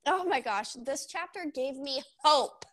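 Eager young woman, slightly high voice. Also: expressive, a little slow, fairly bright tone, no room sound, clean studio sound. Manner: eager, reads quotes aloud, says yeah a lot. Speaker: book club podcast co-host. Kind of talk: casual chat, reading passages aloud.

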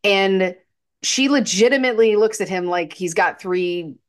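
Speaking at a measured pace in a medium-pitched voice, a female podcast co-host talks through a film's storyline casually, with hesitant false starts along the way.

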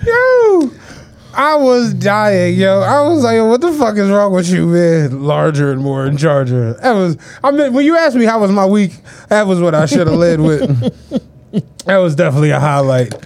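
Co-hosting a laid-back podcast, a high-pitched man speaks at normal speed while spinning a lively anecdote in slang. He performs the voices of everyone he quotes.

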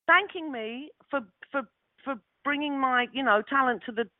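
A woman in her sixties with a London Cockney accent, telling animated stories with laughs as a guest actress. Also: sits high, normal speed, no echo. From London, England. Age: 60s. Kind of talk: casual anecdote. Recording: tinny phone-like audio.

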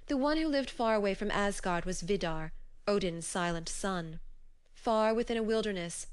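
A woman narrating an old myth collection as an audiobook, in measured, even storytelling. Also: mid-range voice, smooth.

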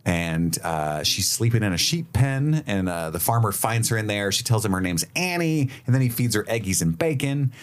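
A man hosts a casual podcast, recapping a show with a voice that sits low but swings widely. He keeps it animated and slips into characters' lines as he goes. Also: normal speed, hardly any pauses. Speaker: podcast co-host recapping episodes. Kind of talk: casual chat.

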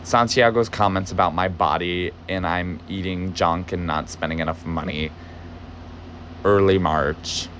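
A man's voice: low-pitched, steady tone, unhurried, a bit bright, slight background noise. A young man telling a story in a casual, agitated way, cursing often for emphasis. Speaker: podcast host, former barista.

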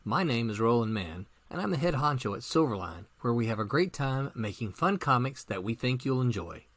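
A man's voice: medium pitch, sing-song, a little fast, fairly bright tone, dry recording. A man hosting a podcast with a friendly, organized intro. His mid-range voice sits dry and close to the mic, with no room sound. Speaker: podcast host.

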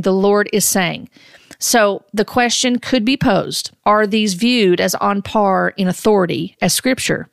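Earnest woman with a gravelly edge. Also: medium pitch, dry recording. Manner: earnest, deliberate, with frequent restarts. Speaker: host. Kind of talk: critical commentary on prophecy videos.

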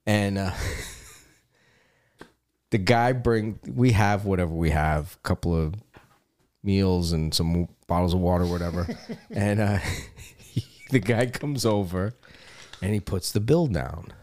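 This middle-aged man's voice is low, and he takes it slowly with frequent pauses. Chatting casually on a podcast in Los Angeles, he tells a funny, animated anecdote full of laughter and swearing.

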